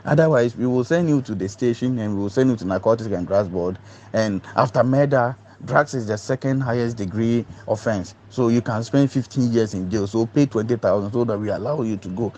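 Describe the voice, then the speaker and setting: A man's voice: fairly quick, slight background noise. A man, a doctor giving an emotional personal account, acting out other voices and stumbling over repeated words. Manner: animated storyteller, acts out other voices with big pitch jumps. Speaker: doctor recounting a police ordeal. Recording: muffled lo-fi recording.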